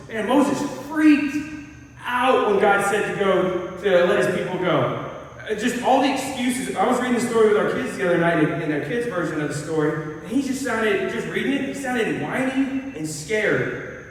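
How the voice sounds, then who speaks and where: A man, a college pastor, giving an earnest, animated, conversational sermon with lively storytelling. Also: high-pitched, moderate pace. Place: church hall. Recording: echoey hall, mic far off.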